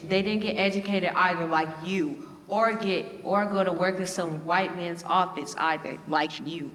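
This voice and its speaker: A scornful, old-fashioned uncle lectures in a dismissive tone. The sound is roomy and echoey with a long reverb tail. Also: male voice, high-pitched, a bit bright. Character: conservative older Indian uncle, scornful.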